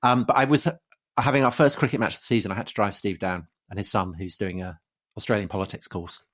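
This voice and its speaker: A man's voice: lowish voice, steady tone, fast talker, a bit bright. An English man co-hosting a casual history podcast, talking with many fillers and restarts and chuckling between points. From England. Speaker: podcast co-host.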